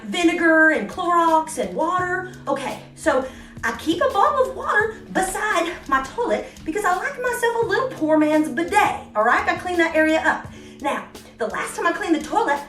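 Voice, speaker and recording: Brief: woman, very high and lively, emphatic story time, roomy and off-mic. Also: distant mic. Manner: emphatic, chatty.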